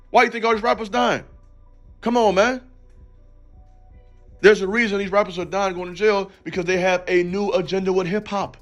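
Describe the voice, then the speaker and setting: A man's voice: high voice, a bit bright. A man hosting a faith channel, giving a motivational talk in an emphatic, preachy way and calling out to the listener directly. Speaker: channel host.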